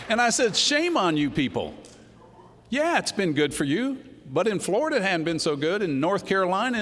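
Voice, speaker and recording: A man's voice: high voice, fairly bright tone. Folksy man speaking in a hall. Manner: folksy, storytelling, says y'all. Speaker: congressman giving a speech. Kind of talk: unscripted political speech. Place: large hall before a crowd. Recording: hall reverb with crowd.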